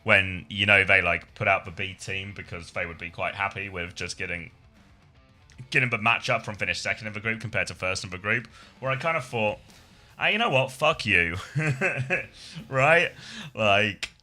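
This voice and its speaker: A low-pitched man with a very bright, forceful edge to his voice, chatting loosely as an esports caster. He rambles, swears and laughs often, tired after a bad night's sleep. Music plays quietly behind him. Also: moderate pace. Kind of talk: casual commentary chat.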